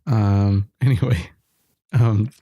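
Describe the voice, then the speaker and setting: A man's voice: fairly low pitch, fairly even intonation, takes it slowly, dark tone, slightly rough, dry recording, studio quality. A man co-hosting a podcast in casual chat, rambling and laughing often. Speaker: podcast co-host. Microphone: studio mic.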